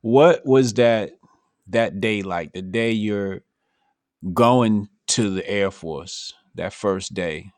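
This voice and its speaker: A man's voice: on the low side, slow pace, no echo, clean studio sound. A man interviewing casually, asking questions in an easygoing way.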